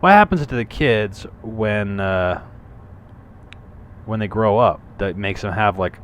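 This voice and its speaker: A man talks over his gameplay in a relaxed, rambling way, tossing in curses and jokey asides. His voice sits very low. A faint hiss runs under the recording. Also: moderate pace. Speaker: gameplay commentator. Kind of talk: casual gameplay commentary.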